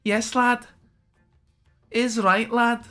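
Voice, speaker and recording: Brash young Scouse lad, high and bright, short loud bursts, put on by a male streamer. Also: level tone, drawn-out words, smooth, soft background music, exaggerated voice. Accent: Liverpool (Scouse, put on).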